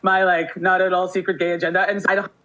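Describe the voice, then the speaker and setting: A woman director talking fast and casually, with lots of filler words. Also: on the low side, little pitch movement, sharp tone, low-quality recording. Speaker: animation director.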